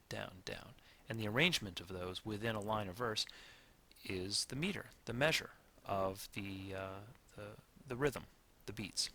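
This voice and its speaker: A man lecturing a class in a low, gravelly voice that still has a bright, forceful edge. He talks deliberately, slowing to sound out stressed syllables and pausing to correct himself. There is a faint hiss of room noise under him. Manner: pauses and corrects himself mid-sentence.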